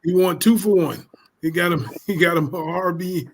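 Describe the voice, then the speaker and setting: A man's voice: high voice, normal speed, a little hiss or hum. Slangy, chuckling panelist man. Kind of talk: casual sports commentary.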